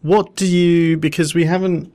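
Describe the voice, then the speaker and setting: A man co-hosting a podcast in casual banter, loud and playful, making silly noises, on a studio microphone. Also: a little high, steady tone, normal speed. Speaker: podcast co-host.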